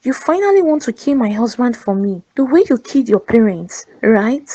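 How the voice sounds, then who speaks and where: A woman's voice: a little high, very animated, moderate pace, warm tone, dry recording. A woman voicing a bitter middle-aged wife and mother in a cartoon, speaking accusingly. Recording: dry, slightly dull.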